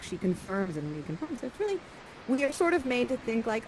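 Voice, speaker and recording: A woman coaching actors through a scene, lively and acting out lines for the performers. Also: on the high side, brisk, slight background noise, rough recording.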